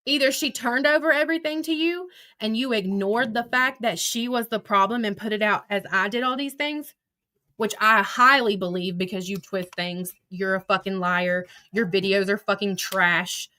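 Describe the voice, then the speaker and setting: A middle-aged woman hosting a livestream launches into a heated, combative rant full of profanity, addressing her chat and her absent critics directly. Her voice is mid-range and pushed and bright, delivered at a normal speed.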